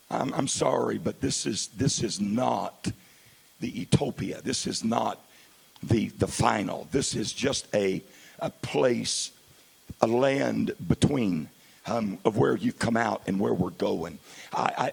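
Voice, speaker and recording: A man pastor preaching a sermon, swinging from quiet asides to loud, drawn-out exclamations. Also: on the low side, creaky, slightly rough.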